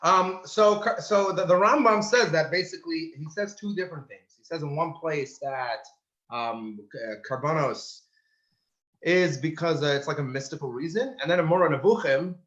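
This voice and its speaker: A joking man speaks in halting bursts full of fillers and restarts. He talks through a computer mic on a video call. The sound is roomy and echoing from a big empty gym, and the audio is dull and muffled. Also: on the high side, a bit bright. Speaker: podcast co-host. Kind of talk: casual chat with jokes. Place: large empty school gym.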